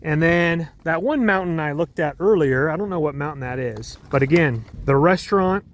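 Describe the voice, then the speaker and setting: A man's voice: a little high, normal speed, a little hiss or hum. A man from Colorado talking casually and enthusiastically to his camera while out on a ski mountain, rambling between observations. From Colorado, USA. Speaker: vlogger. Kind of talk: casual vlog narration. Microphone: handheld phone and action camera.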